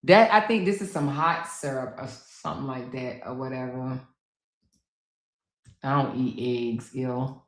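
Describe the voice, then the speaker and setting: A middle-aged woman with a steady, bass voice hosts a casual livestream from home at a moderate pace, talking straight to her viewers. She's chatty and exclamatory, and the recording has a roomy echo.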